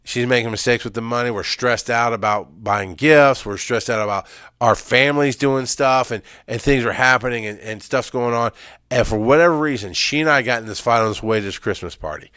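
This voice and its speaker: A man's voice: medium pitch, pushed and bright, no echo, studio quality. A middle-aged man, an EMS worker, candidly telling a painful personal story in an intense, emphatic way, often repeating phrases.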